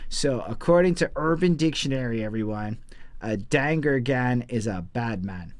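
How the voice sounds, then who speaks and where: A man's voice: mid-range voice, moderate pace, no room sound. A man co-hosting a podcast, chatting casually about an album, jokey and steering the talk. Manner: animated, jokey, leads the discussion. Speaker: podcast co-host. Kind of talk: casual album review chat.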